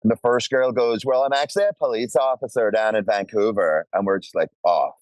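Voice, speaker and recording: A man's voice: lowish voice, fairly quick, darkish tone, no echo, rough recording. A man telling a wild story on a podcast, acting out the voices and swearing freely. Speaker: podcast guest. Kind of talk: casual storytelling. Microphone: podcast studio mic.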